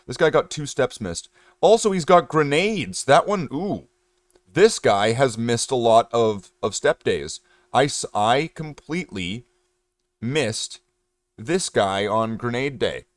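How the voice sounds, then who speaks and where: A man's voice: medium pitch, lively intonation, slow pace, no echo. A man from Canada hosting a casual livestream, rambling and joking with chat while he paints miniatures. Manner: rambling, jokey, talks to chat. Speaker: streamer.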